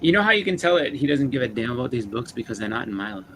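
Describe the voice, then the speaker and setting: A man's voice: medium pitch, sing-song, racing, a bit bright, a little hiss or hum. A man co-hosting a casual chat about comic books, joking and acting out silly voices for the covers. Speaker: podcast co-host.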